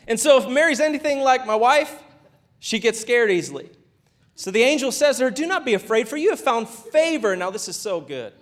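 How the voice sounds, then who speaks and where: Pastor, male, very high voice; chatty sermon delivery, acts out quotes, builds to shouts. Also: lively intonation, brisk. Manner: conversational preaching with playful asides and acted-out quotes.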